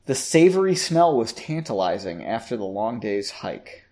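Man reading fiction casually, expressive pitch, stops to joke about the prose. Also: moderate pace. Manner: self-correcting, mocks the text. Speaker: reader. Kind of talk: casual fiction read-aloud.

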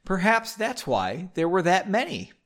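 A man's voice: high voice, huge pitch swings, unhurried, a bit bright, pitched above the performer's own voice, exaggerated voice. A man reading the lines of a wry young male traveler in his own story.

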